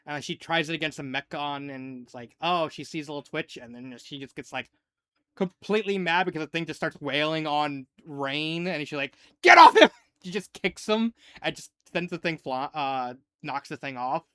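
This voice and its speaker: A man with a fairly high, smooth and resonant voice gives a casual spoken review. He rambles, fills his sentences with "like", and gets animated when he retells scenes. The sound is dry and close. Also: moderate pace, dry recording. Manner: rambling, heavy use of "like". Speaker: fanfiction reviewer.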